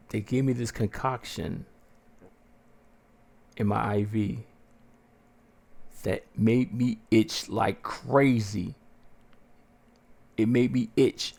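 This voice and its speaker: A man in the middle of a casual story, cursing freely and getting animated as he goes. He stops and restarts now and then, and his voice climbs when he acts out what someone said. His pitch sits in the middle for a man. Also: creaky. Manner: profane, animated, acts out quotes in a raised voice. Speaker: podcast host.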